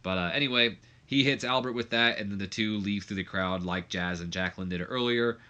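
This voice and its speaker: A man's voice: sits low, sharp tone. A young man casually narrating a game, rambling with lots of fillers and restarts. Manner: rambling, many fillers and restarts, says like a lot. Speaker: let's play commentator.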